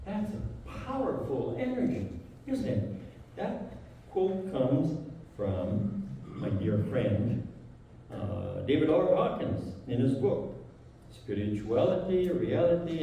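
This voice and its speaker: Slow French-accented man in echoey hall. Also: mid-range voice, dark tone, a little hiss or hum. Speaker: guest speaker. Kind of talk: spiritual talk. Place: large church hall. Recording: echoey hall, speaker far from mic.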